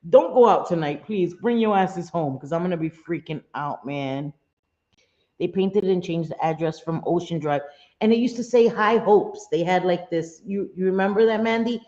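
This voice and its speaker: A woman's voice: lowish voice, normal speed, warm tone. A middle-aged woman hosting a casual livestream chat, talking freely, swearing and chuckling as she answers her viewers at home. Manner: chatty, swearing, laughing often, reads chat aloud. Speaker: livestream host. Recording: roomy, dull lo-fi stream audio.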